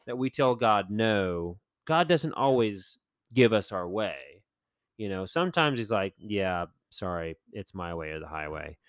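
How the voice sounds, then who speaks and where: Here the podcast host has a medium-pitched, fairly bright voice with no room sound. He talks casually through Bible tales, acting out characters in playful voices while filling pauses and correcting himself a lot.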